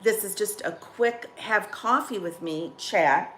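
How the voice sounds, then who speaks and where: A woman's voice: medium pitch, slow pace, fairly bright tone, slight background noise. A woman hosting a casual coffee-chat vlog, rambling and chatty as she tells stories to her viewers. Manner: rambling, chatty, restarts and trails off. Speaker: vlog host.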